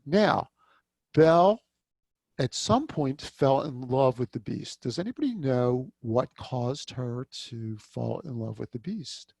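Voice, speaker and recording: A man presenting a small-business networking workshop over a video call, chatty and lively, often asking his audience questions. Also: mid-range voice, slow, gravelly, slightly rough, no room sound. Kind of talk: virtual workshop talk. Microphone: video call mic.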